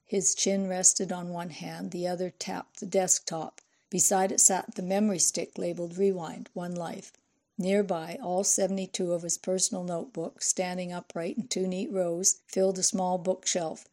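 A woman narrating an audiobook in a measured, even way. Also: on the low side.

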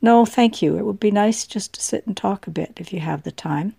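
Casting: woman reading a tired, earnest man, gravelly and mellow. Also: mid-range voice, fairly quick. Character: tired overworked middle-aged man, earnest.

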